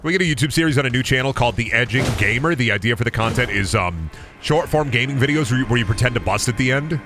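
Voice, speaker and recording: A man's voice: mid-range voice, expressive, quick pace, over music. A man from Iowa streaming a video game, chatting casually in a goofy, jokey way and reading out chat messages. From Iowa, USA.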